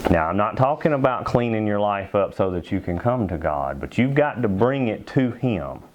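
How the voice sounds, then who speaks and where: A man preaching a sermon as pastor in a church, emphatic, slowing down to stress key phrases. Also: lowish voice, lively intonation. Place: church sanctuary.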